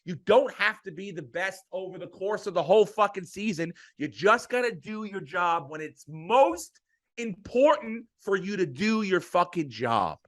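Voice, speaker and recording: A man's voice: sits high, expressive, normal speed, fairly bright tone, no echo, studio quality. A middle-aged man with an emphatic, profane delivery, ranting about sports as a podcast co-host. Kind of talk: heated sports podcast rant.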